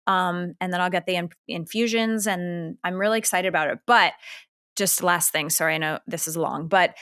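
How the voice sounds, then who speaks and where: A woman in her thirties with a Canadian accent, talking candidly on a podcast. Her voice sits fairly low and she rambles, with "like" woven through nearly every sentence. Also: normal speed, sharp tone, clean tone. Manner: candid, rambling with many "like" fillers. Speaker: podcast co-host. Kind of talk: casual chat.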